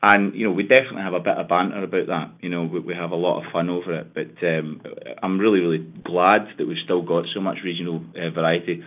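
A man's voice: low voice, fast, few pauses. A man with a Scottish accent from Argyll, a dialect coach talking enthusiastically as an interview guest. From Scotland. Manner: enthusiastic, animated, slips into dialect imitations. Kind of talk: casual interview over the phone. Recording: tinny phone line.

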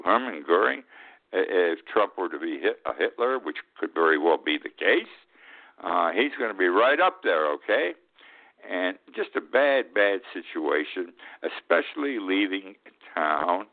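An older man from upstate New York hosting a radio talk show, giving a blunt, sarcastic commentary monologue and often tagging on "okay?". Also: on the low side. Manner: blunt, sarcastic, drawn-out emphasis with frequent "okay?". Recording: tinny phone-like radio audio.

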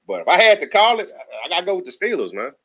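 A man's voice: high-pitched, very animated, fast, pushed and bright, husky. A man co-hosting a casual sports talk show, making emphatic, opinionated points.

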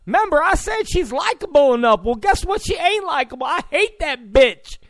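A man putting on a stern, bossy middle-aged man who barks the same commands over and over, his voice pushed high and loud. The delivery is gravelly and swings wildly in pitch. It sounds dry and close, with no room around it. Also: very animated, moderate pace, no echo, full character voice. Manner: shouting, bossy, repetitive commands.

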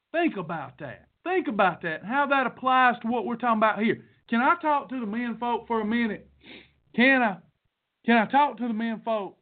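Man, high-pitched, fiery folksy motivational rant, tinny phone-like sound. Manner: fiery, blunt and folksy, with sermon-like repetition. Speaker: podcast host. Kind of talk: preachy motivational monologue.

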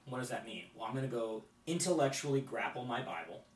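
Male podcast guest, mid-pitched, thoughtful, recorded off-mic in a live room. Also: quick pace. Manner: reflective, with frequent restarts and "right?" tags. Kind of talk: conversational faith podcast chat. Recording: roomy, distant mic, faint noise.

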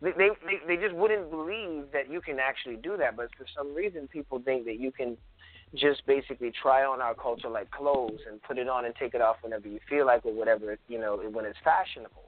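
A man's voice: medium pitch, brisk. Phone-quality voice of a thoughtful man. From South Carolina. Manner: thoughtful, frequent ums, storytelling. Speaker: guest, cultural preservationist. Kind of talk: conversational interview. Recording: phone-like lo-fi audio.

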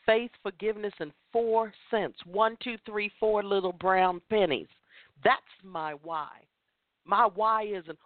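An impassioned woman delivers a motivational talk, hammering her points home by repeating phrases. Her voice sits at a middling pitch and comes through a thin, phone-like line with no room sound around it. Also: slow, no echo. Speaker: host of a women's chat show. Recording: tinny phone line, dry.

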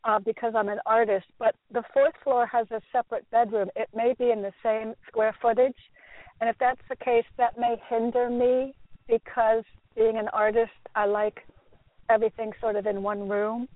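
A woman calls in to a radio show and asks her questions in short, earnest bursts. Her voice sits at an ordinary middle pitch. It reaches the listener over a dry, thin phone line. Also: flat delivery, moderate pace, no echo. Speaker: caller.

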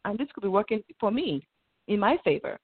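A woman's voice: medium pitch, sing-song, fairly quick, slightly rough, dry recording. A woman guest in an interview, talking reflectively and acting out her own inner thoughts. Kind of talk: conversational interview. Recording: tinny phone-like line.

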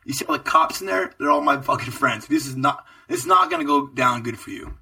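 Picked up on a distant mic, a young man with a creaky voice speaks a little fast as he co-hosts a podcast. He tells a long, casual story with loose profanity, lots of energy, and pitch that swoops up and down.

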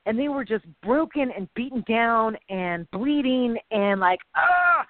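A woman co-hosting a casual faith talk show, rambling and exclamatory in an animated way. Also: fairly high pitch, a little slow, no room sound. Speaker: podcast co-host. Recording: tinny phone-like, dry.

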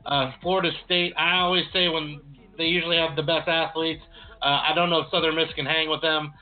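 A man's voice: a little high, flat delivery, brisk. A man co-hosting a casual sports chat, easygoing and full of uh fillers. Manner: easygoing, filler-heavy with frequent uh. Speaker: sports podcast co-host. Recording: tinny phone-like line.

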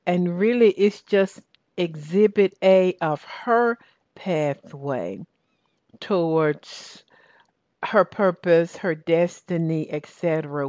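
Slow-talking Southern woman host. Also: lowish voice, no room sound. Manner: warm, encouraging, with many restarts and fillers. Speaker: radio show host and life coach. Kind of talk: casual talk show hosting.

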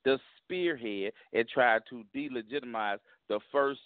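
A man's voice: medium pitch, a little slow, no room sound. Comedian guy calling in, heated and repeats himself, tinny dry phone sound. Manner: emphatic, repeats words, street slang. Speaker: comedian guest. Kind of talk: phone interview.

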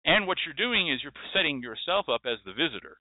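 A man's voice: on the high side, sing-song, fairly quick, no room sound. Emphatic man lecturing over a tinny line. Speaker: host. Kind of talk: lecture-style monologue. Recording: tinny phone-like sound, dry.

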